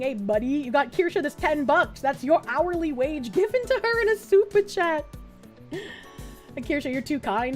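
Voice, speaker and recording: Brief: sarcastic, foul-mouthed woman streamer reading chat, faint music underneath. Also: high-pitched. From Canada. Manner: profane, mocking, sarcastic. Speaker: livestreamer. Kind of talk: casual livestream chat reading.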